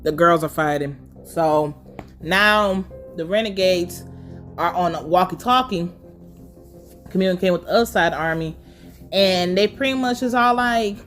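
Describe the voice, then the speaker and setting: A woman's voice: on the low side, a little slow, fairly bright tone, soft background music. A woman giving a casual, blunt and profane recap of a TV episode. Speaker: TV recap vlogger.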